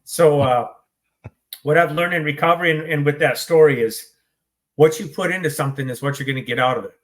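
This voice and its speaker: A man speaking as an interview guest about recovery, telling his story candidly in a blunt, profane, hyper way. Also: on the high side. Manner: hyper, rapid-fire delivery.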